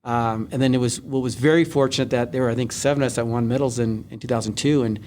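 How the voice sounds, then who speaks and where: A middle-aged man, a guest on an interview show, telling a personal story earnestly with many pauses and restarts. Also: mid-range voice, fairly even intonation, darkish tone, a little hiss or hum. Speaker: guest, Olympic speed skater. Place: large indoor skating arena.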